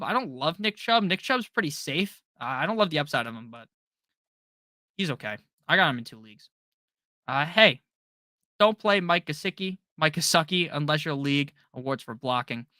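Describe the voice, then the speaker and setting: Quick-answering man hosting a live stream. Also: mid-range voice, bright, forceful tone, no room sound, studio quality. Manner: reads viewer questions aloud and answers quickly, joking. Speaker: fantasy football stream host.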